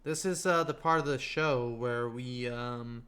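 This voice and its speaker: Male podcast co-host, relaxed and deadpan, short agreeing replies and dry one-liners. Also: mid-range voice, unhurried. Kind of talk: casual comedic chat.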